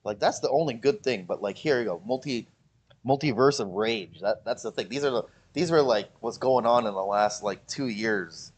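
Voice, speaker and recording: A man with a mid-range voice, speaking at a moderate pace, hosts a casual livestream. He chats with viewers and goes on animated, joking rants full of mocking voices.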